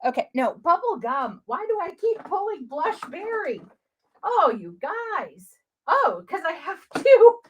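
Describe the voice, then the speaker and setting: A woman's voice: extremely high pitch, big pitch swings, measured pace, slight background noise. A woman hosting a live crafting demo, chatty and gushing, talking straight to her viewers as she works. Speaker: crafting livestream host.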